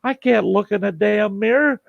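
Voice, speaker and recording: A man's voice: high-pitched, moderate pace, creaky, no echo, muffled recording, pitched above the performer's own voice. An older storyteller voicing a sulky, beaten-up teenage boy who sounds whiny and indignant.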